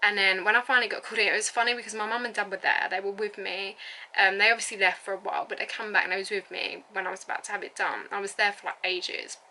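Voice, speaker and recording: Woman, twenties, bright and chatty, giggly rambling vlog storyteller. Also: medium pitch, steady tone, fast talker, a little hiss or hum, low-quality recording. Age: 20s. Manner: rambling, lots of fillers and likes, giggly. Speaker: vlogger. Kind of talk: casual storytelling.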